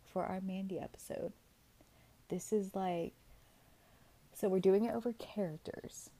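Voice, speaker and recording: A young woman, still recovering from being sick, co-hosts a casual podcast from home, talking in a chatty, rambling, self-aware way. She speaks at a measured pace in a mid-range, dark-toned voice with fairly even intonation. A home computer mic captures her remotely.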